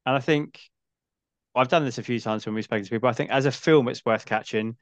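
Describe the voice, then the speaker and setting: A man hosting a casual podcast, relaxed and affirming, with lots of agreeing murmurs. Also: mid-range voice, fast, dry recording. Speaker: podcast host.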